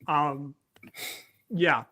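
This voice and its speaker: A man's voice: fairly high pitch, drawn-out words, bright, forceful tone. A young man hosting a casual sports betting show, chatty and tripping over his words. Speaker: host.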